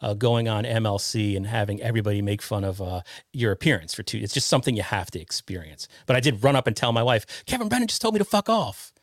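A man's voice: lowish voice, fast talker, few pauses, dry recording, studio quality. A man hosting a podcast, chatting casually with a joking, self-deprecating manner. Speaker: podcast host.

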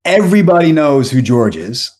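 A man's voice: fairly high pitch, sing-song, moderate pace, a little mellow. A man in his forties from South Florida, a podcast guest telling a long story casually, rambling and correcting himself as he goes.

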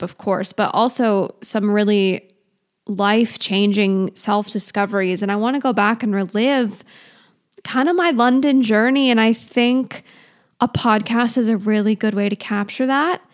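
A woman's voice: mid-range voice, clear, resonant tone. A woman in her twenties hosting her own podcast in casual solo chat, rambling and self-deprecating, often restarting herself. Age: 20s. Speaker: podcast host.

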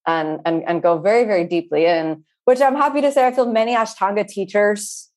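A woman yoga teacher speaking in an interview, earnest and searching, with frequent pauses and restarts. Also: mid-range voice, a little mellow. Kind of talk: reflective interview talk.

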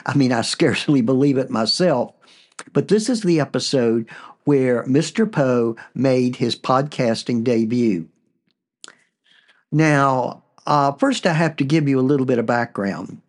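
A man hosting a podcast, narrating a personal story in a relaxed way with frequent fillers. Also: medium pitch, measured pace. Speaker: podcast host.

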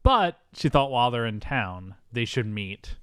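A man's voice: medium pitch, big pitch swings, unhurried, fairly bright tone, smooth, no echo. Young man, podcast co-host, rambling movie recap, dry close sound. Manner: rambling, filler-heavy retelling with laughs. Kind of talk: casual movie recap chat.

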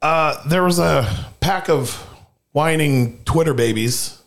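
A man's voice: slow, a bit bright. Profane podcast co-host, casual man. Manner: swears freely, acts out quotes in a high voice.

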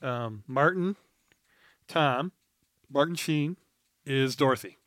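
A man's voice: medium pitch, slow, fairly bright tone, dry recording, clean studio sound. A man co-hosting a podcast in casual chat, rambling through his notes with lots of ums and a laid-back, profane way of talking. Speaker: podcast co-host.

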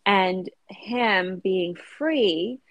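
A woman's voice: mid-range voice, very slow, no room sound, highs cut off. A woman in her thirties talking as an interview guest, chatty and casual, with lots of "like" and "you know" fillers.

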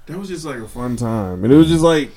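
A man's voice: mid-range voice, expressive, fast, dark tone. Laid-back, joking man. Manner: jokey, laid-back, trails off with sighs. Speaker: podcast co-host. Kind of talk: casual chat.

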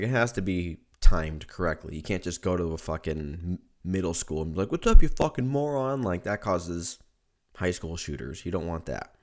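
Hoarse, profane man ranting casually. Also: deep voice, a little mellow. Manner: profane, joking, riffs with laughter. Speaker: podcast host. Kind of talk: casual podcast rant.

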